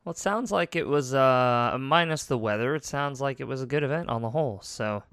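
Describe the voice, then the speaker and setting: A man's voice: mid-range voice, a little fast, fairly bright tone, clean tone, no room sound, studio quality. A man hosting a sports radio show with easygoing, playful banter. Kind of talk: casual sports radio chat.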